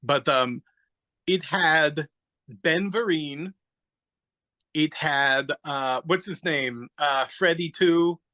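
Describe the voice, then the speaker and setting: A podcast guest chats casually, his voice a little high, pushed and bright, and the recording rough. He talks extremely slowly with long pauses, rambling animatedly through a story, searching aloud for names and acting out little quotes.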